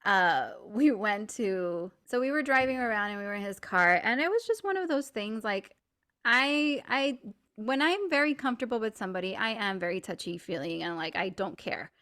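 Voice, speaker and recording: A woman's voice: medium pitch, normal speed. Chatty woman telling a story on a podcast. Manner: chatty, fills speech with "like"; animated and laughing while retelling stories. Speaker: podcast co-host. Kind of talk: casual storytelling chat.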